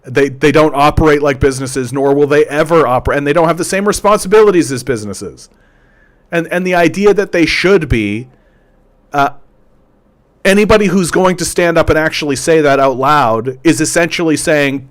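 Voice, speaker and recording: A man delivers a political commentary monologue, ranting in a sarcastic way. He trips over his words and repeats himself as he pushes his points. His voice sits a little higher than most men's. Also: normal speed. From Canada.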